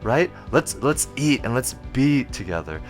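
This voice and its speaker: A man doing a calm, gentle teacher's voice. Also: mid-range voice, unhurried, soft background music. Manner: soft, calm, inviting.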